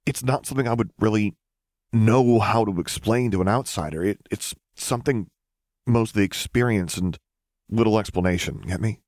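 A man's voice: on the low side, normal speed, a little mellow, no echo, studio quality, voice pushed up, natural voice. A man voicing a flustered protective teen boy. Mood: earnest. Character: earnest teen male clone caretaker, flustered.

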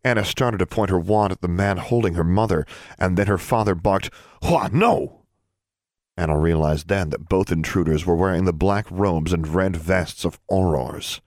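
A man narrating an audiobook in a steady, measured storytelling manner. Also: low voice, no echo, studio quality.

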